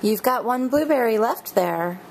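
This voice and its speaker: A woman filming her baby at home, talking to her in soft, coaxing, sing-song baby talk. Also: a little high, lively intonation, measured pace, slight background noise. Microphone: handheld camera mic.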